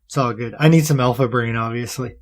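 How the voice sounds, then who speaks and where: A man's voice: medium pitch, a little fast. A man hosting a podcast in casual chat, blunt, profane and teasing. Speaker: podcast host.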